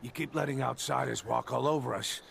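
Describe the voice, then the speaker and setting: A surly video game thug shaking down a newcomer. His voice is very gravelly and sharp, and it rises and falls with a sneer. Faint game ambience sits behind him. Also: medium pitch, fairly even intonation, brisk, slight background noise. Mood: resentful. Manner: sneering, confrontational. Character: surly male street thug running a shakedown.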